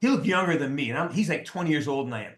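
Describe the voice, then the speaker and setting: A man in his sixties, an actor guest telling a lively, profane anecdote and acting out the people in it. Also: on the high side, racing. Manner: animated, profane, acts out the people in his stories. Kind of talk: casual storytelling anecdote. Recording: roomy echo.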